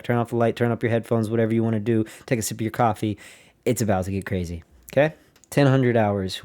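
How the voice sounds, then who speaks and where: A man hosting a casual podcast, reading an old diary aloud in a plain middle voice. He keeps breaking off to ask his listeners if they are following, sounding incredulous. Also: medium pitch. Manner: animated, incredulous asides to listeners. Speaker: podcast host.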